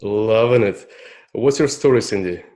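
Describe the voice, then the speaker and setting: A man's voice: fairly low pitch, unhurried, mellow. Upbeat man hosting a podcast. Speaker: podcast host.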